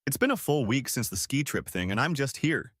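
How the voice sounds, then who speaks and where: A man's voice: medium pitch, sing-song, a little fast, a bit bright, dry recording, clean studio sound. A man reading a first-person online story aloud in a casual, conversational way.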